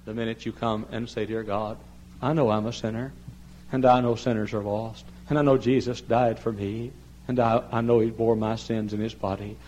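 Older man as a pulpit preacher, a dramatic sermon that swings from hushed appeals to loud cries, at times away from the mic. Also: lowish voice, level tone, moderate pace, a little hiss or hum. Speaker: pastor. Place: large church sanctuary.

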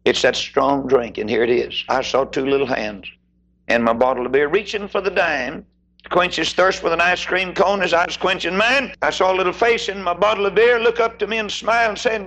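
Older man, preacher, gravelly husky voice, rising to shouts then dropping low. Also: a little fast. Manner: preaching with sudden swoops in pitch and loudness, shouting at peaks. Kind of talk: sermon.

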